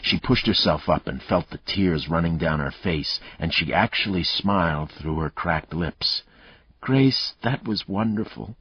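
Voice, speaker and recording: A man reading a thriller audiobook aloud in measured, dramatic narration. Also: extremely low pitch, breathy edge, dry recording, muffled recording.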